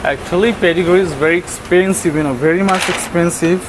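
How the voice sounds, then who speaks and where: Man, high voice, coos pet names at dogs, noisy outdoor street recording. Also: a little fast. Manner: coaxing, affectionate baby talk, frequent laughs. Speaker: vlogger feeding stray dogs. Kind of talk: casual vlog talk to dogs. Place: outdoors, terrace and stairs in a city.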